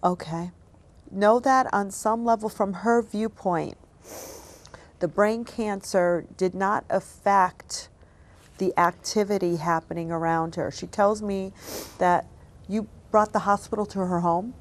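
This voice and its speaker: A woman hosting as a psychic medium, giving a reading in a gentle, apologetic, emotional way that often drops to a soft hush. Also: mid-range voice, fairly even intonation, measured pace.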